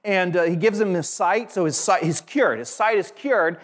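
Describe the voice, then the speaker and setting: A man preaching a sermon, animated and conversational, with friendly asides to the congregation. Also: high-pitched, normal speed, in a large hall. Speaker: pastor.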